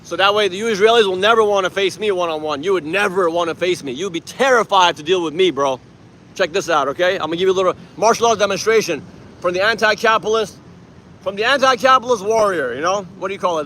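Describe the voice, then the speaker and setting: High, bright-voiced young man livestreaming outdoors. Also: fast talker, a little hiss or hum. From Iran. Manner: boastful and combative, addresses chat directly. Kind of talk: casual livestream chat. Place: outdoors at a street protest.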